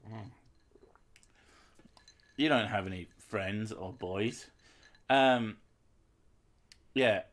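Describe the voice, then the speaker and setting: A man's voice: lowish voice, drawn-out words, pauses often, a bit bright. A man, chatting casually and rambling on a live stream, swearing freely and joking at his own expense. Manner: rambling, sweary, self-mocking humour. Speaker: game streamer.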